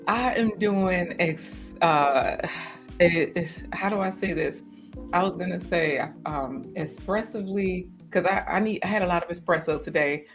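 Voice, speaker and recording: A woman hosting a garden livestream in casual chat, animated and chatty, breaking into laughter often. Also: on the low side, a little slow, soft background music.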